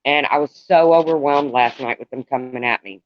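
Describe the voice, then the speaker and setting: A man's voice: mid-range voice, no room sound. Rambling middle-aged man on a dull stream. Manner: rambling, halting, calls out commenters by name. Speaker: live streamer. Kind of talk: emotional live-stream talk to viewers. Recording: dull lo-fi, dry sound.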